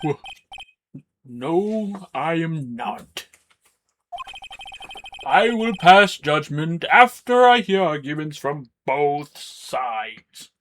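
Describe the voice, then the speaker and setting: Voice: mid-range voice, sing-song, drawn-out words, long pauses, fairly bright tone, a little hiss or hum, exaggerated voice. A performer voicing a flustered elderly male judge in a fan dub of a video game, indignant.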